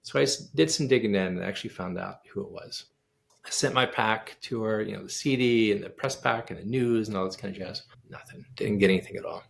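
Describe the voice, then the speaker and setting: Gravelly-voiced man telling an animated story. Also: fairly low pitch, brisk. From United States. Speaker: guest pianist and composer. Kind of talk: storytelling in a casual interview.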